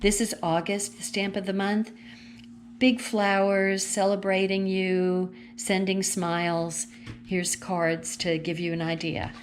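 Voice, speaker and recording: Her mid-range voice comes across flat and slow over slight background noise. The woman, a consultant, flips through a craft catalog at home with her dogs in a casual vlog, chatty and effusive as she muses aloud page by page.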